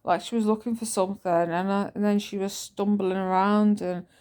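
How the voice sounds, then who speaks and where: A woman's voice: medium pitch, steady tone, moderate pace, a little mellow, clean tone. A woman telling a personal story in a casual, rambling vlog. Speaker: vlogger.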